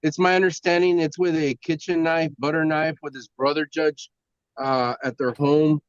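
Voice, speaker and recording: A man acting as court-appointed defense attorney, arguing for a lower bond in a quick, hesitant, deferential manner. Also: little pitch movement, clear, resonant tone, dry recording, muffled recording. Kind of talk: courtroom argument.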